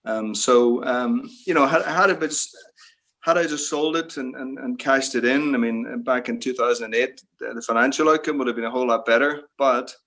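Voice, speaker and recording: A man's voice: medium pitch, moderate pace, fairly bright tone. A middle-aged man, a guest in an interview on a video call, talking reflectively with many "you know" asides. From Northern Ireland. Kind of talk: reminiscing interview talk.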